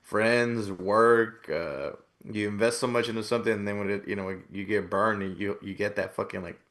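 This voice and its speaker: A man's voice: fairly low pitch, steady tone, normal speed, a bit bright. A man co-hosting a podcast in laid-back, profane casual chat, calling his friend "bro". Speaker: podcast co-host.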